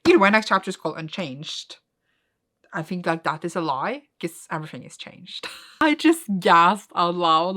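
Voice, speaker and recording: In her vlog, a woman with a fairly low, expressive voice reacts to the manga she's reading at normal speed. She shifts from quiet, muttered summaries to squeals and gasps.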